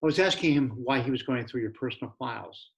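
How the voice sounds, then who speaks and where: A blunt, sarcastic businessman, read by a man with a gravelly, creaky texture. The recording sounds dull and lo-fi. A storybook reading. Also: mid-range voice, fast talker, close to an everyday voice. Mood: irritated. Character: irritated adult male real-estate partner.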